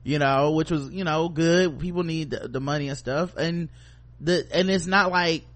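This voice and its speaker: A man's voice: on the high side, normal speed, fairly bright tone. A man co-hosting a podcast, telling a work story in casual chat, acting out coworkers in quoted voices and swearing freely. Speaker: podcast co-host.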